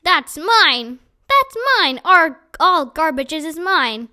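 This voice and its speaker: A woman voicing a crazed man who collects garbage, yelling in a frantic, raised voice for a storybook reading. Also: high-pitched, animated, slow, voice pushed up, exaggerated voice. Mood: angry yelling. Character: shouting crazed male junk collector.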